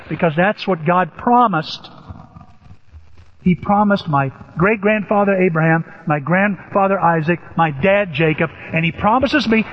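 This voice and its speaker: A male pastor with a Southern Illinois accent preaches in a high, lively voice that swoops as he acts out the people in his story. His tone is a little husky. The sound is a dull, poor-quality recording with long reverb from a large hall. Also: normal speed. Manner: animated, acts out Joseph's lines in a raised voice. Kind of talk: sermon.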